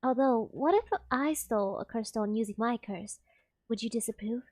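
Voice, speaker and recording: Woman playing a cool scheming client woman, coaxing, high clear voice. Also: moderate pace, a little mellow, dry recording, clean studio sound, natural voice. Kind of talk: reading game dialogue aloud.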